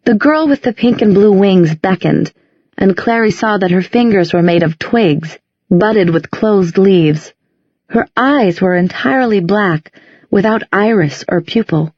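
A woman narrating an audiobook in a measured, descriptive storytelling manner, recorded in a dry, slightly muffled sound. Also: medium pitch, expressive, a little mellow, no echo. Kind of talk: scripted narration.

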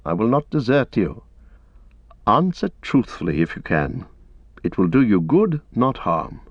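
A man reading a gentle, earnest hobbit. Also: on the low side, unhurried, husky, no room sound, exaggerated voice. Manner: polite, earnest and steady. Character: earnest young male hobbit, gentle and courteous. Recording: dry, slightly dull audiobook recording.

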